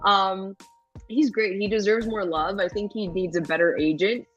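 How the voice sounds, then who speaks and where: A woman co-hosting a casual chat, emphatic and quick, with laughing asides. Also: mid-range voice, fairly even intonation, dull audio, soft background music. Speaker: co-host.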